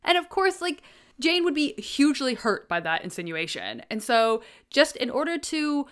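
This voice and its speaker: A woman co-hosting a casual book podcast, chatty and animated, often laughing and acting out lines from the story. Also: sits high, normal speed, smooth. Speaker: podcast co-host.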